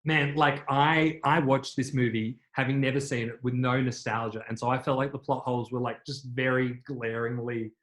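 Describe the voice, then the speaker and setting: A man's voice: mid-range voice, fairly even intonation, moderate pace, few pauses, a bit bright. A man co-hosting a casual film review podcast, reflective and thoughtful, with many "like"s. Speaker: podcast co-host. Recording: roomy echo.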